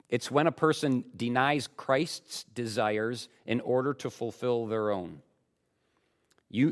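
A male pastor at medium pitch delivers an emphatic church sermon, peppering the congregation with rhetorical questions.

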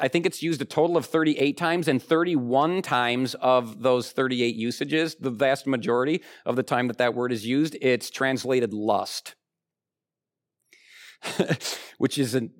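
A man preaching a sermon in a conversational, animated way, swinging from excited highs to quiet low asides. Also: unhurried. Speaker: pastor.

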